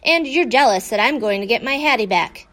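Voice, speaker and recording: A woman voicing an eager, boastful young male dog in a storybook, excited and bouncy. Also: on the high side, fairly quick.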